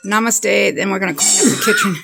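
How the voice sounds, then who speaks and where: A woman's voice: fairly low pitch, a little slow, music in the background. A woman vlogger chatting casually with family over dinner at home, fond and talkative.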